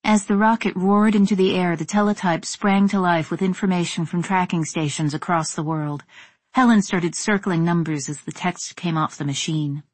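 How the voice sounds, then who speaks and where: A woman reading a first-person story in a measured, tense narrating voice. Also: fairly low pitch, fairly even intonation, dry recording. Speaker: audiobook narrator.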